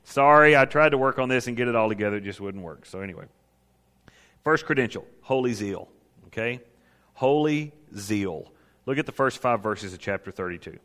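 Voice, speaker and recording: Here a man with a medium-pitched voice and sharp tone speaks a little fast, delivering an emphatic sermon on counseling. He repeats his key phrases for weight, and the sound carries the long reverb of a large hall.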